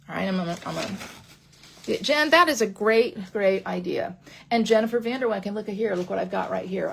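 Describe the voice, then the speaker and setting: A woman's voice: medium pitch, gravelly, slightly rough. A woman in her fifties teaching a live card-making class, chatty, repeating her phrases and answering viewer comments. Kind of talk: live crafting class with chat.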